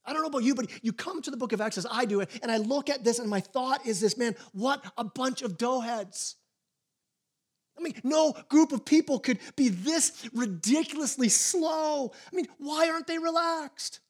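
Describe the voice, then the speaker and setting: High-voiced animated pastor preaching. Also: male voice, a little fast, few pauses. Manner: animated storytelling with acted quotes and repeated restarts. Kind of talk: sermon.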